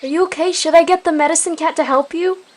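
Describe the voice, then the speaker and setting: A woman voicing a worried she-cat who yells for help in alarm. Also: extremely high pitch, steady tone, fast talker, pitched above the performer's own voice. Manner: yelling in alarm.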